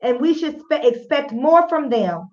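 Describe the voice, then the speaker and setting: High-voiced woman radio host, lo-fi. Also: animated, a little slow, a little mellow. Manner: conversational, addresses listeners directly as y'all. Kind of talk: casual spoken commentary. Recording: slightly dull lo-fi sound.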